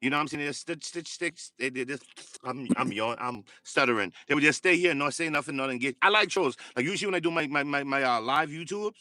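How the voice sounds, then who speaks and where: A man hosting a casual livestream, talking in halting starts with many fillers and repeated words. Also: on the high side, sharp tone, no echo, studio quality. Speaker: livestream host.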